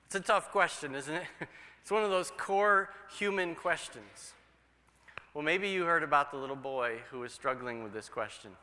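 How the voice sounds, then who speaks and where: A male pastor delivering a sermon, telling stories and acting out the people in them. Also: mid-range voice. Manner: storytelling with animated voices for quoted people. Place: church sanctuary. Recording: reverberant sanctuary.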